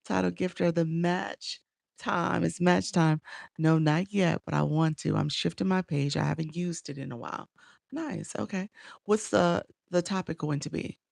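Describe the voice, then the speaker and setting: Chicago lady coaching folks on a live stream, gravelly voice, laughs a lot, dry close sound. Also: sits low, moderate pace, darkish tone, no room sound. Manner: chatty, laughs often, reads out viewer names. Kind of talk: casual live-stream coaching, greeting viewers.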